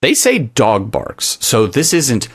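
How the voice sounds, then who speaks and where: A man's voice: mid-range voice, slow, husky. A man co-hosting a podcast, talking casually and sarcastically, acting out little voices for what dogs might be thinking. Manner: animated, sarcastic, acts out dog thoughts in voices. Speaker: podcast co-host. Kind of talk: casual chat.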